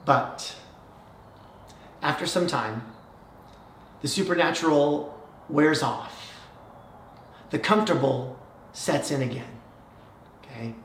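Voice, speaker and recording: A preacher telling a story in an animated way, going from hushed to loud. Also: medium pitch, takes it slowly, pauses often, reverberant, recorded from a distance, a little hiss or hum. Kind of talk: sermon.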